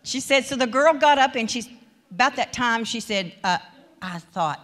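A woman's voice: on the high side, animated, normal speed, a bit bright. A woman preacher giving a sermon in a conversational, storytelling manner, often acting out quoted speech.

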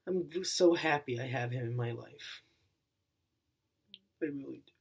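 A man's voice: medium pitch, measured pace, vocal fry, darkish tone, slightly rough. A young man talking straight to camera in a heartfelt thank-you vlog, earnest and repetitive, with his voice wavering and choking up. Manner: earnest and repetitive, circling back to the same phrases. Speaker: channel owner.

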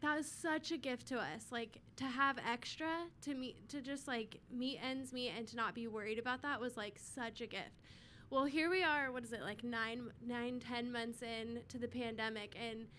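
A woman's voice: fairly high pitch, normal speed, fairly bright tone, a little hiss or hum. A woman giving a casual, rambling testimony and prayer before a church offering, full of fillers.

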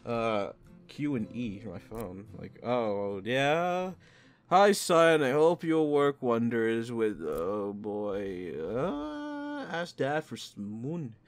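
A man's voice: medium pitch, very animated, extremely slow, faint music behind. A man doing casual let's-play commentary, reading text messages aloud, laughing often and swearing freely. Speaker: gaming YouTuber.

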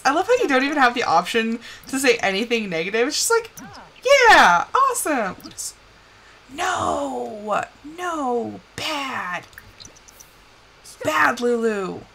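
Lively high-voiced woman streaming a game. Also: brisk, poor audio. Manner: chatty, scolds her characters, bursts of excitement. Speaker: streamer playing a life-sim game. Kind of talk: casual live gameplay commentary.

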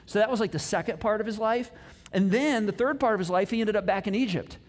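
High-voiced man preaching casually. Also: fast. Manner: animated storytelling with playful asides, wide swings in pitch and loudness. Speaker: pastor. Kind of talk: casual conversational sermon.

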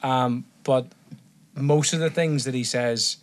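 A man's voice: mid-range voice, steady tone, slow. A man, a DJ appearing as a podcast guest, chatting casually in a laid-back way and swearing freely as he tells stories.

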